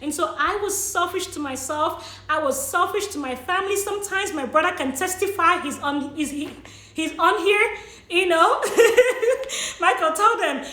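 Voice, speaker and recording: A young woman vlogs emotionally about paying off her loans, sharing money tips while teary and sniffling, apologizing and laughing through her tears. Her extremely high voice is bright and forceful, at a moderate pace, in a reverberant space.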